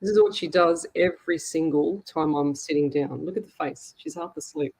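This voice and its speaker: A woman's voice: low-pitched, moderate pace, few pauses, a little mellow, slightly rough. An Australian woman, a psychic medium, hosting a live show and chatting frankly with her viewers. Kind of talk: casual live-stream chat.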